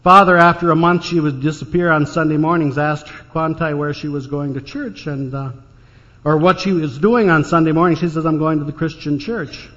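This older man's voice runs on the high side, moving at a normal speed with a slightly bright quality. He's a pastor preaching an anecdotal, folksy sermon laced with dry jokes, recorded with dull sound in an echoing church hall.

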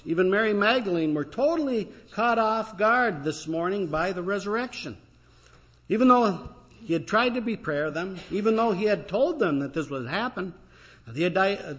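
Male pastor, sermon, conversational storyteller with fillers, slightly high voice, muffled church recording. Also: a bit bright.

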